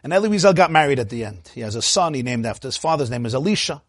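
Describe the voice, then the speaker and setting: A man teaching a Torah class as a rabbi, telling stories and acting out quoted speech with big jumps in pitch and loudness, thinking aloud with restarts. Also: animated, racing, dry recording, studio quality. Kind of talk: Torah lecture.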